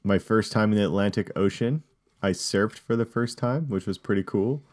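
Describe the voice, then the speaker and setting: A man's voice: lowish voice, moderate pace, darkish tone. A man co-hosting a podcast, telling a rambling story in casual banter, with lots of fillers. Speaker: podcast co-host.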